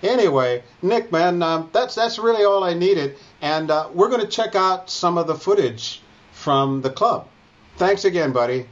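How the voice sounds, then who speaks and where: Male host, playful and teasing, high and very lively voice, muffled lo-fi recording. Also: normal speed. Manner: joking, teasing. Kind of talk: casual interview.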